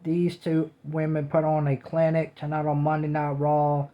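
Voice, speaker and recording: A man's voice: on the high side, monotone, moderate pace, lo-fi sound. A man giving a casual spoken recap as a reviewer, repeating his praise over and over. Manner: repetitive, restating praise over and over. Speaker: wrestling show reviewer.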